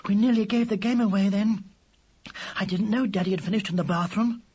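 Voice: mid-range voice, a little fast, a little mellow, breathy edge, voice pushed up, natural voice. A reader voicing an earnest, anxious young schoolgirl. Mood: worried earnest. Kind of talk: audiobook character voice.

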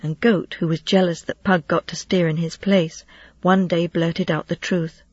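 An audiobook narrator telling a children's novel in a steady storytelling voice, now and then lightly voicing the characters. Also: mid-range voice, moderate pace, slightly rough, no echo. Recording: dull, dry lo-fi recording.

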